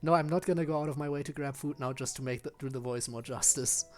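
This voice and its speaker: A man's voice: medium pitch, fast, a little mellow, faint music behind. A man streaming a visual novel, reading the hero's lines and chatting with a self-mocking, laughing manner. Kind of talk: playing a visual novel aloud.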